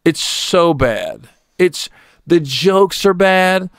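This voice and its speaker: A male comedian hosting his podcast, telling stories in an animated, profane way and laughing at his own jokes. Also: sits high, very slow, clean tone, no echo, clean studio sound. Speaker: podcast host.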